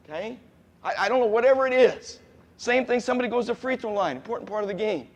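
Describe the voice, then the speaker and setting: High-voiced coach in an echoey gym. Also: male voice, fast. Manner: animated, asks the players questions, repeats key points. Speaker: basketball coach. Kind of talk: coaching clinic instruction. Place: gym with players on court.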